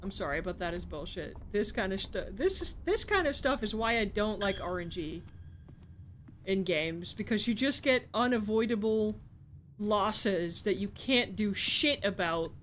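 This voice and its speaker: A woman's voice: medium pitch, expressive, unhurried, a bit bright, a little hiss or hum. Frustrated swearing woman streamer. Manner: frustrated, swearing, rambling with restarts. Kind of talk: casual live-stream chat.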